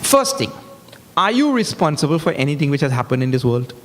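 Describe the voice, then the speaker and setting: A man giving a humorous, animated scripture discourse as a spiritual teacher, breaking into chanted verses. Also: a little high, a little fast, a little hiss or hum. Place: large hall. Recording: echoey hall.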